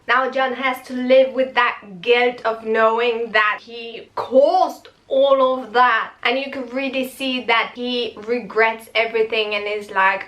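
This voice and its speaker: A woman's voice: on the high side, fairly even intonation, a bit bright. Chatty woman recapping a TV episode. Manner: quick, chatty retelling with dramatic exclamations. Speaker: TV series reviewer.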